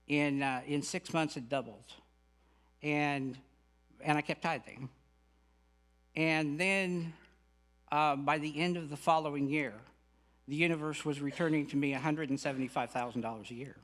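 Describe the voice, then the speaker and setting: Middle-aged man, guest speaker, spiritual lecture, earnest and folksy, humorous asides, slightly high voice. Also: steady tone, a little slow, long pauses, fairly bright tone. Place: spiritual center sanctuary.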